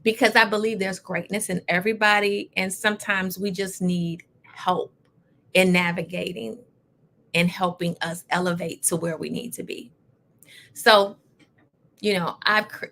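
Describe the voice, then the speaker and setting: Bright, gravelly-voiced woman telling a story. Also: mid-range voice. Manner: animated, expressive storytelling with emphatic asides. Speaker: host. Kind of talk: casual storytelling talk.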